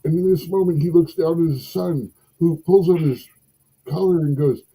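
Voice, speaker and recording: A man's voice: on the high side, moderate pace, warm tone, slightly rough, low-quality recording. A man in a casual podcast conversation, musing and rambling as he tells a folktale, with self-deprecating asides.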